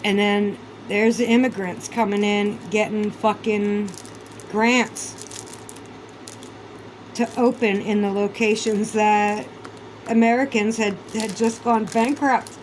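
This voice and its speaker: A woman's voice: mid-range voice, steady tone, slow pace, slight background noise, rough recording. A woman vlogger in a casual, heated monologue, swearing a lot and sounding sarcastic and incredulous. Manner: heated, profane, ranting.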